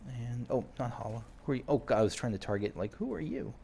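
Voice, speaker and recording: Man, middle pitch, slightly gravelly; chatty game streamer, faint noise floor. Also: lively intonation, fast, mellow. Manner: chatty, thinks aloud, reads in-game notes. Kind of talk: casual let's-play commentary.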